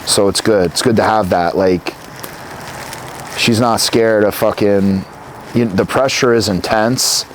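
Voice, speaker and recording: A man in his thirties from New Jersey, a company founder talking as an interview guest, who rambles and swears as he tells animated stories. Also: fairly low pitch, unhurried, slight background noise. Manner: rambling, profane, animated storytelling. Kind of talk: casual interview conversation.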